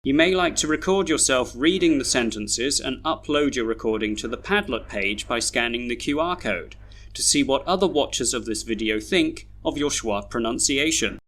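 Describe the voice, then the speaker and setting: A man narrating a pronunciation lesson as teacher, speaking deliberately and repeating example sentences. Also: medium pitch, animated, fairly bright tone. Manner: slow, deliberate, reads example sentences twice.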